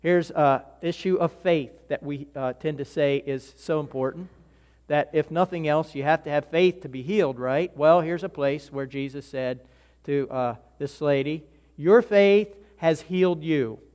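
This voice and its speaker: Conversational preacher in a reverberant hall. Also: male voice, on the high side, steady tone, moderate pace, darkish tone. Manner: conversational storytelling, acts out voices, many restarts. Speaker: pastor. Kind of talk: sermon.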